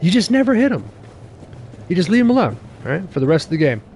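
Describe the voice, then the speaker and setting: A young man streaming a game live, excitable and laughing, swearing casually and chatting with his viewers while nursing a sore tooth. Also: high voice, fast talker, slight background noise.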